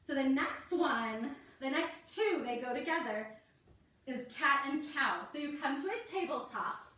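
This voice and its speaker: A woman's voice: high voice, animated, measured pace, sharp tone, distant mic. A woman teaching a kids yoga class, encouraging and talking the children through each pose step by step. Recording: echoey room, voice from off the mic.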